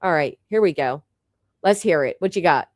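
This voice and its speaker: A woman's voice: low voice, lively intonation, moderate pace, no echo, clean studio sound. A woman hosting a casual live chat with viewers, blunt and joking, swearing freely, with a local American accent that drops the final g. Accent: local regional American, drops final g. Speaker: livestream host.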